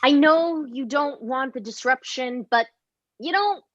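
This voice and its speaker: A woman reading the part of a wife who explains, in a measured, apologetic way, why she is ending her marriage. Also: sits high, a bit bright, no room sound. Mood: weary. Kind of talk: live script reading. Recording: dry, dull lo-fi sound.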